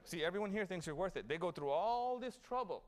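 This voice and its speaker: Man, motivational graduation speaker, slightly high voice, animated storytelling, questions to the audience. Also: fairly quick. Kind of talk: motivational speech. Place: city hall event.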